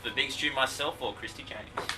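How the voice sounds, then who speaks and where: A man co-hosting a live radio show, brisk and upbeat as he plugs the stream. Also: mid-range voice, pushed and bright, far from the mic, low-quality recording. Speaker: radio co-host. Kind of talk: casual radio banter. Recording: music behind, off-mic.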